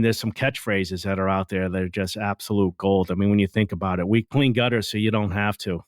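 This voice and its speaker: A man's voice: on the low side, clean tone, dry recording, studio quality. A man talking enthusiastically as a guest in a casual podcast interview, telling stories about his business. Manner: enthusiastic, animated storyteller. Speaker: franchise owner, guest.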